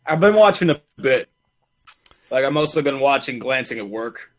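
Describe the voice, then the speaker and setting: A man co-hosting a casual sports talk live stream, chiming in with relaxed, offhand comments. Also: mid-range voice, moderate pace.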